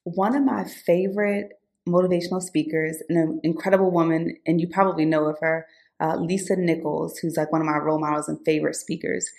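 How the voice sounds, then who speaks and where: A woman's voice: deep voice, steady tone, a little fast, gravelly, a little mellow. A woman co-hosting a podcast, talking earnestly and personally about her life and goals. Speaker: podcast co-host. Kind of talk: casual podcast chat.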